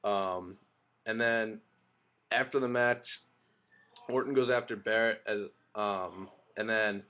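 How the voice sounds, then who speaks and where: A young man with a fairly low voice recaps a wrestling show in a loose, rambling way. He is opinionated and sprinkles his talk with fillers and self-corrections. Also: steady tone, slow, bright, forceful tone, smooth. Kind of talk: casual spoken recap and review.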